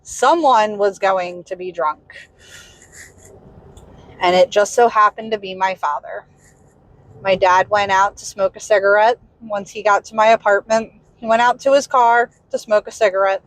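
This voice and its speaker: A young woman with a Southern US accent telling a personal story in a candid, exasperated, animated way. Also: medium pitch, normal speed, dry recording, poor audio. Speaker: vlogger. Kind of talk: casual storytelling. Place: in a vehicle.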